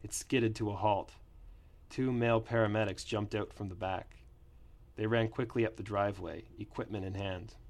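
A man narrating a first-person story in a plain, steady reading voice. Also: on the low side, moderate pace.

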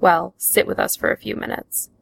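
A woman's voice: moderate pace, dry recording, lightly acted. A woman voicing a prim, controlling middle-aged father in a memoir reading, polite but insistent.

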